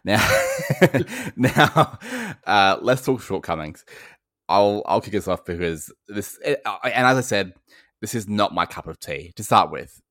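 A man's voice: fairly low pitch, expressive, unhurried, a bit bright, no echo, studio quality. An Australian man hosting a casual film podcast, ranting animatedly and breaking into laughs. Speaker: podcast host.

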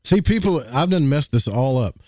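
A man's voice: fairly high pitch, animated, normal speed, dark tone, no echo, studio quality. A man, co-hosting a podcast in casual, rambling chat with jokes. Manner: folksy, rambling, jokey. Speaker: podcast co-host.

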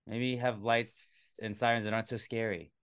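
A man's voice: lowish voice, little pitch movement, moderate pace, a bit bright, smooth, no echo, studio quality. A man hosting a comedy podcast, chatting casually and rambling with lots of filler words. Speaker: podcast host.

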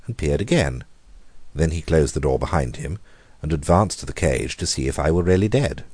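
Deep deep male voice reading a scary story slow and grave, dry close mic. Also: a little mellow, husky, no room sound. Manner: measured, grave, with dramatic slowing. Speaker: audiobook reader. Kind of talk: scripted narration of a horror story.

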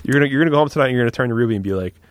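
A man's voice: medium pitch, very fast, no room sound. A man co-hosting a podcast in casual chat, joking and teasing and swearing freely. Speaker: podcast co-host.

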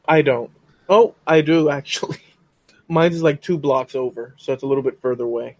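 A man's voice: medium pitch, moderate pace, dry recording. A man hosting a podcast in casual chat, rambling and often saying frickin'. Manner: rambling, says frickin' a lot. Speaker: podcast host.

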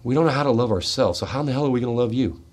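A middle-aged man hosting a radio show, speaking in a raw, confessional monologue, tearful and shaky, swinging between forceful outbursts and hushed words. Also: medium pitch, very fast, breathy edge. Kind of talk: emotional personal monologue. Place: radio studio.

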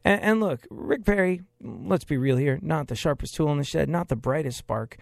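A man's voice: a little high, animated, moderate pace, gravelly, a little mellow, no room sound. Brief: male commentator, wry and sarcastic, dead-dry sound. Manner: sarcastic, emphatic, repeats phrases for effect.

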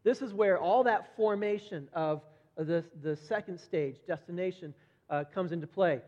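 A middle-aged man preaching a sermon conversationally, repeating words as he goes and brightening when he acts out quoted voices. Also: high-pitched, normal speed. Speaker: pastor. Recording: dull lo-fi sound with long hall reverb.

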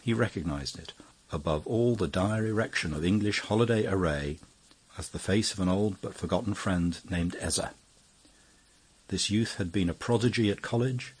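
A man narrating an audiobook in a measured, even reading. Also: sits low, husky. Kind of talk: scripted narration.

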